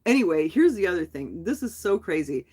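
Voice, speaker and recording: Woman, live-stream vlogger, casual chat, rambling, animated, restarts her sentences. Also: fairly low pitch, a little fast, slightly rough.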